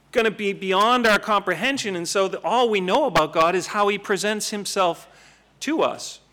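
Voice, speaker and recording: A man teaching from scripture in a lively, conversational way, often tossing out rhetorical questions. His voice is bright and forward, pitched a little above the usual man's. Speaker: Bible teacher. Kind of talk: Bible teaching talk.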